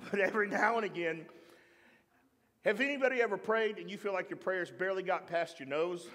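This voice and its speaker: A man pastor with a fairly high voice delivers a lively, humorous sermon. He keeps calling on the congregation to respond. The sound carries a long reverb from a large church hall. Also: brisk. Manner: humorous, animated preaching with call-and-response to the congregation. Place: church sanctuary.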